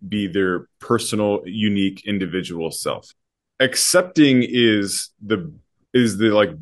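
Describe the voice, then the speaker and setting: Low-voiced male principal co-hosting a podcast; reflective and unhurried, hunts for words. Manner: thoughtful, searching for words mid-sentence. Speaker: podcast co-host, school principal. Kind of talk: casual podcast conversation.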